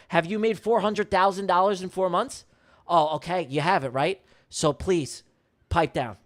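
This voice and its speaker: A man's voice: high-pitched, moderate pace. A man hosting a trading livestream who talks bluntly and heatedly, swears freely and repeats lines for emphasis. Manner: blunt, heated rant with profanity. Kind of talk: live-streamed trading commentary.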